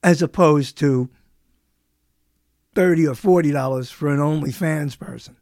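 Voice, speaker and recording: Chatty man hosting a lively talk show. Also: on the high side, moderate pace, gravelly, no echo, studio quality. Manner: digressive, chatty, self-interrupting. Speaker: radio show host. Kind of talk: rambling solo talk show monologue. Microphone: studio microphone.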